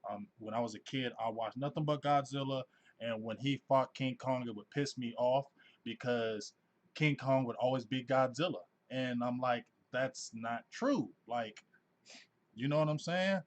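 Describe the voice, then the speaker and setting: A man in his forties hosting a casual sports fan livestream, talking in an animated, effusive way and reading out viewers' names. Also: medium pitch, normal speed. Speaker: host of a sports fan live show.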